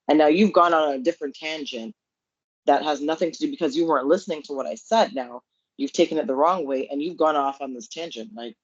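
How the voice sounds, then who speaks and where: A Canadian-accented man co-hosts a casual podcast, speaking earnestly in a fairly high voice and repeating his points for emphasis. The audio is muffled, without echo.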